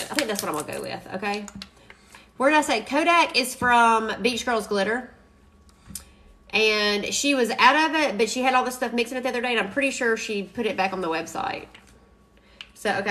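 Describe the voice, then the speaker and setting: A woman's voice: medium pitch, a bit bright, slight background noise. A woman hosting a crafting live stream, chatting in a rambling, chatty way and laughing often. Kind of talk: casual live stream chat.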